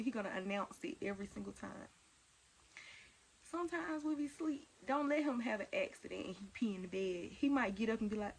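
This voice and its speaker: Chatty animated woman preaching. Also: a little high, fast. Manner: chatty, animated storytelling with asides. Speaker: online preacher. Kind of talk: casual preaching to camera.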